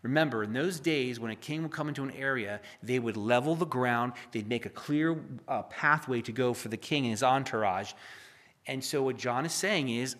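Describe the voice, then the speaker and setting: A man preaching a verse-by-verse sermon. He reads scripture aloud with force, then drops into low, chatty asides to the congregation. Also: moderate pace. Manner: swings from loud scripture reading to low asides; conversational, jokes with the congregation. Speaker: pastor. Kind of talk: expository sermon teaching.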